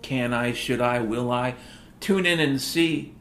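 A middle-aged man from Washington state, USA, delivers a rambling, profane, sardonic comedic spoken-word monologue. His mid-range voice is slow and slightly bright. The recording has a roomy echo with music playing underneath.

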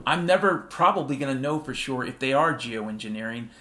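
A man's voice: mid-range voice, lively intonation, a little fast, loud music behind the voice. Rambling, irreverent man in his fifties. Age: 50s. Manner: rambling, irreverent and profane, with half-sung refrains. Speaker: show host. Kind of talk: rambling solo monologue.

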